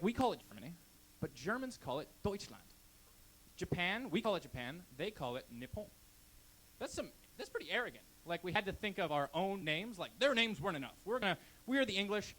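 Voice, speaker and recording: A young Canadian man performs a brash, deadpan stand-up set on a club stage, speaking into a handheld mic. His voice sits on the high side.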